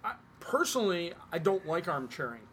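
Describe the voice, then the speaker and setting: A man's voice: a little high, big pitch swings, normal speed, a bit bright, a little hiss or hum. A man co-hosting a casual talk podcast, rambling and often restarting his sentences as he explains his view. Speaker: podcast co-host. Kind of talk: casual chat.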